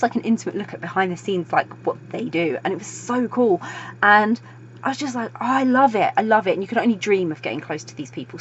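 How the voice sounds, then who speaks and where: A young woman gushes about a book she loves, talking fast and breathlessly with plenty of fillers. Her voice sits on the lower side for a woman. The recording sounds dull and lo-fi. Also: breathy edge. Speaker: book reviewer. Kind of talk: excited video book review.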